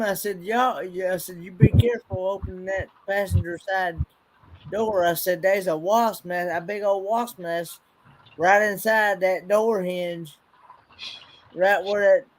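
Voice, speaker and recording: A man with a high-pitched voice tells a casual story. He talks slowly in a rambling, halting way, trailing off and starting over. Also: rough recording. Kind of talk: casual storytelling on a live show.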